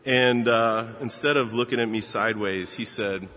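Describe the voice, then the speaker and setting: A man in his fifties, a pastor giving a sermon and telling a personal story in a relaxed, conversational way with frequent fillers. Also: fairly low pitch, unhurried, noisy background. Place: church sanctuary. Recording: long reverb of a large hall.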